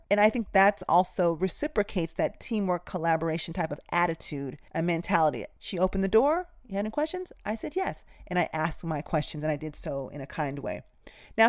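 Lady nurse telling it straight, kinda low voice, casual slangy advice, dry sound. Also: no room sound. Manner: candid, emphatic, conversational with slang. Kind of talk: storytelling advice monologue.

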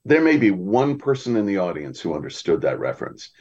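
Deep-voiced man telling studio stories. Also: a little fast, highs cut off. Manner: animated anecdotes with acted quotes. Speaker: audiobook narrator. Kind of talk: storytelling in a podcast chat.

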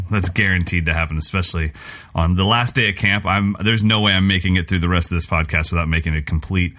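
A man's voice: low-pitched, fast talker, sharp tone. A middle-aged man co-hosting a podcast, joking around and scatting drum patterns aloud. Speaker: podcast co-host. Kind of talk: casual chat.

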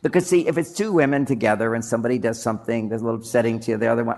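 An older man with a gravelly voice gives a lively comic talk about relationships. He acts out the quotes in his stories for a live audience. The pitch sits in an everyday middle range. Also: rapid-fire. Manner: animated storytelling, acts out quotes, audience laughter. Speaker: relationship author giving a talk. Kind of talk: comedic stage talk.

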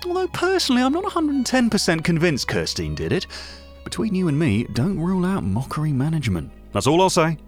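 An actor playing a gossipy, self-regarding British local radio host with a British accent, rambling from one aside to the next in a comedy radio monologue. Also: male voice, on the high side, wildly swooping pitch, fairly quick, faint music behind.

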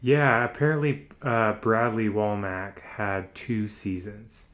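A man's voice: lowish voice, fairly even intonation, slow pace, a bit bright. A man co-hosting a podcast in casual chat, recapping loosely with many fillers. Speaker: podcast co-host.

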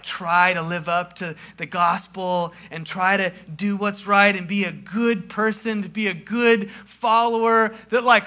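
A man preaching a sermon in a conversational way, acting out quoted lines and swinging from loud to hushed. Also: high voice. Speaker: pastor.

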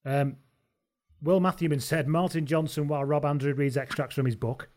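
A man's voice: on the high side, fairly even intonation, normal speed, a little mellow. A man hosting a podcast, leading casual sports chat in a wry, teasing way and laughing often. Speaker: podcast host.

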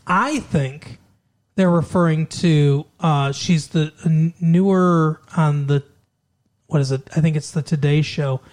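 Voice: medium pitch, takes it slowly, darkish tone. A podcast co-host in casual chat, retelling a film's plot at length and acting out the characters' quoted lines. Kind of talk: casual chat recapping a film.

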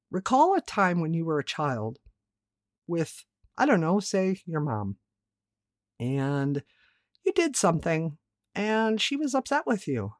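A woman's voice: low-pitched, no echo, clean studio sound. A woman hosting a self-help podcast, talking candidly and emphatically, with offhand swearing. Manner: emphatic, repeats words for stress. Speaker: podcast host.

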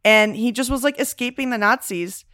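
Animated bilingual woman telling family stories. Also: fairly high pitch, fairly quick, no echo, studio quality. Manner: animated storytelling, slips into Spanish. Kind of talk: casual chat.

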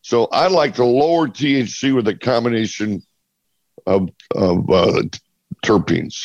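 A man talking as a podcast guest in casual chat, animated and laughing often, acting out bits of dialogue. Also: mid-range voice, a little slow, no room sound, dull audio. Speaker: interview guest.

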